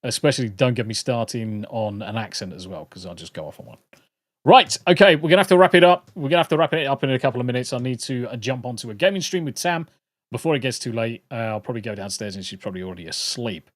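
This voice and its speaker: A man's voice: mid-range voice, expressive, fast, dry recording, studio quality. A British man hosting a livestream, chatting casually to viewers in a rambling, jokey way and swearing freely. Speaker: livestream host.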